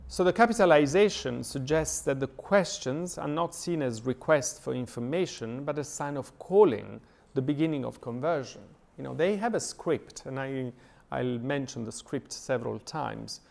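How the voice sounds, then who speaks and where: Halting man lecturing, gravelly voice. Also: mid-range voice, expressive, a little mellow. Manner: thoughtful, many hesitations and fillers. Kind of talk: lecture reading and analyzing a poem. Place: church lecture.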